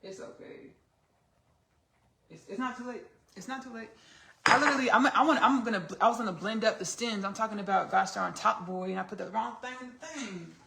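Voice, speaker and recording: Texan woman, bright sharp voice, gravelly fry, echoey kitchen, rambling chatty host. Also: mid-range voice, fairly quick. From Austin, Texas. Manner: rambling, chatty, laughs often, calls listeners "baby" and "y'all". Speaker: podcast host. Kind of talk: casual chat while cooking. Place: home kitchen.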